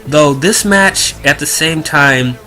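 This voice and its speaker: A man's voice: fairly high pitch, slow pace, sharp tone, soft background music. A young man giving a rambling, exasperated review, full of fillers and restarts. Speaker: wrestling reviewer. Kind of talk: casual review rant.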